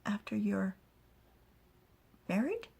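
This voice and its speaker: A woman voicing a gentle, affectionate father who is a clan chief, speaking softly and musing. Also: mid-range voice, sing-song, slow pace, creaky, breathy edge, voice pushed up, exaggerated voice. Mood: tender.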